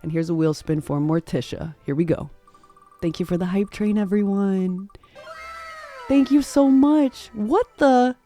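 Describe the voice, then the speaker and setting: A woman's voice: medium pitch, a little slow, dark tone, faint music behind. A woman streaming a cozy game live, gushing thanks to her viewers and laughing often.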